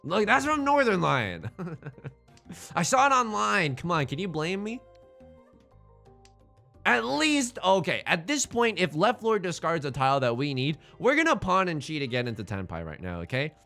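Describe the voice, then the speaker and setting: A man's voice: high voice, big pitch swings, normal speed, gravelly, pushed and bright, soft background music. A man hosting a let's play with joking, self-mocking game commentary, often pleading with the game for the tiles he wants.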